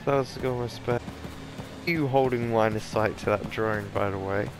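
A man's voice: on the low side, moderate pace, over music. A man chatting casually while playing a co-op game with a friend, breaking into exclamations and laughing fits. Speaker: gamer playing co-op. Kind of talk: casual gameplay chat.

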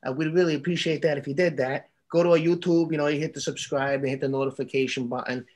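A man's voice: on the high side, fairly even intonation, natural voice. A man putting on a New York accent to play a brash guy reading out podcast promos. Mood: hamming. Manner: fast-talking, loud.

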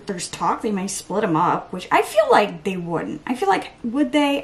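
Lively, rambling woman vlogger. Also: medium pitch. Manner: rambling and self-mocking, laughs often; excitable, hyper. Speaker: beauty vlogger. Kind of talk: chatty get-ready-with-me vlog. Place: at home doing makeup.

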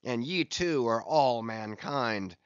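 A man voicing an obsessed old sea captain who declaims and barks orders, read slowly in an audiobook. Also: medium pitch, lively intonation, clear, resonant tone, no echo, lo-fi sound. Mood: defiant.

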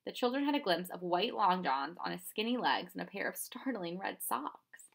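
A woman narrating a children's chapter book in a measured, expressive reading. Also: medium pitch, creaky. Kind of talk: storybook narration.

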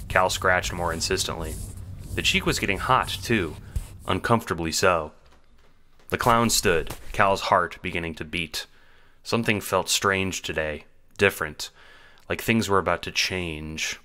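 A man narrates a homemade audio drama in a measured, storytelling way. His voice is low, with a bright, forceful edge. He reads at an even, unhurried pace.

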